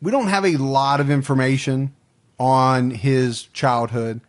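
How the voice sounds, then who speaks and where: A man's voice: medium pitch, fairly even intonation, unhurried. A man hosting a true crime podcast, reading out supporter names and case facts in a dry, matter-of-fact way. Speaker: podcast host.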